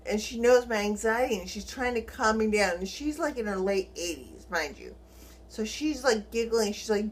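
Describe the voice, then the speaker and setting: A middle-aged woman vlogging, telling a personal story in a lively way and acting out the dialogue. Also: a little high, moderate pace. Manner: animated, acts out quoted dialogue, chuckles while telling.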